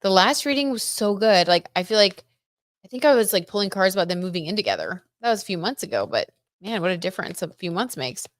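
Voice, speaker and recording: This young woman's tarot gossip livestream is casual and giggly as she chats with her audience. Her mid-range voice is very animated and quick, and the studio sound is clean with no echo.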